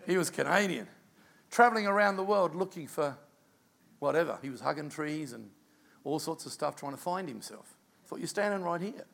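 A middle-aged Australian man preaching a sermon as pastor, telling a personal story in an animated way with quiet asides. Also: a little high, moderate pace, creaky, pauses often.

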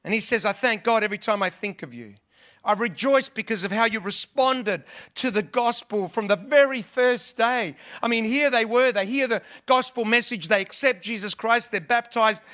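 A man's voice: high voice, normal speed, pushed and bright. A man preaching a sermon to his church in an earnest, conversational way, often restarting his sentences. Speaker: pastor.

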